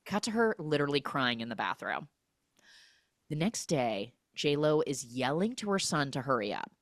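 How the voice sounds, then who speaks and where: Animated low-voiced woman recapping a film. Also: normal speed, no room sound, studio quality. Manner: animated storytelling, acting out characters' lines in exaggerated voices. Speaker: podcast host recapping films.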